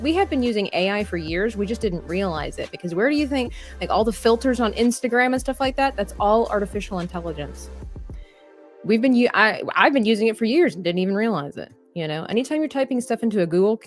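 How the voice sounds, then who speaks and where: A woman at a mid-range pitch hosts a live art stream and talks through her thoughts in an earnest, rambling way, often restarting sentences and reading chat comments aloud. Soft music plays faintly behind her voice. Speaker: livestream artist host. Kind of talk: casual livestream chat while drawing.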